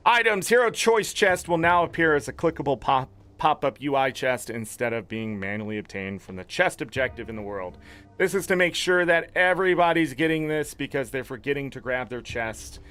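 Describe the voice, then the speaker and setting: A man's voice: medium pitch, a bit bright. A man giving blunt, opinionated commentary on game patch notes as a gaming content creator, swearing freely.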